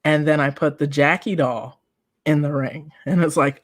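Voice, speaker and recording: A woman in her forties co-hosting a podcast, telling stories with lively acted-out quotes and frequent laughter. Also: low-pitched, normal speed, no room sound, clean studio sound. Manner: animated storyteller, acts out quotes, laughs often. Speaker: podcast co-host. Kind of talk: casual chat.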